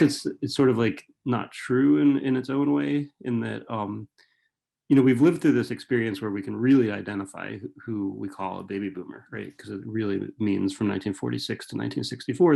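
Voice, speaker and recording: A middle-aged man giving an author talk at a library, speaking quickly and digressively with many restarts and fillers. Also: fairly low pitch, vocal fry. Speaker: author and writing professor.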